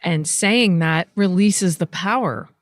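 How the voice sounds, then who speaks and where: A woman hosting a podcast, talking candidly and swearing freely, animated when she retells stories. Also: on the low side, takes it slowly, dry recording, clean studio sound. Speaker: podcast host. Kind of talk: casual interview chat and closing narration.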